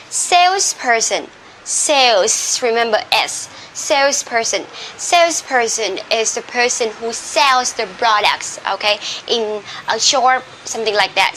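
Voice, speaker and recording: A woman's voice: a little high, pushed and bright, slight background noise, low-quality recording. A woman teaching English vocabulary, carefully repeating each word and explaining its meaning. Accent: South Asian English. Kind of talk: vocabulary lesson.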